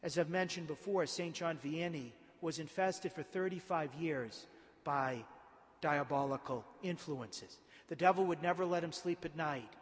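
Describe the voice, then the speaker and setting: A male priest preaching a homily, moving from quiet storytelling to emphatic, impassioned points. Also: fairly high pitch, unhurried. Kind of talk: sermon. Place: church. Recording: long church reverb.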